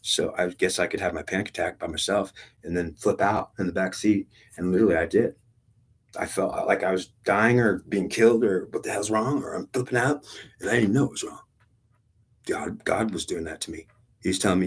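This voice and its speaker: An older man recounts a personal experience in a deep, husky voice. His telling is rambling and repetitive, and he is frank and profane as he circles back over what happened. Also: fairly even intonation, brisk. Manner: repetitive, blunt and profane, retelling a past experience with strong feeling. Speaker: speaker recounting his own spiritual experience.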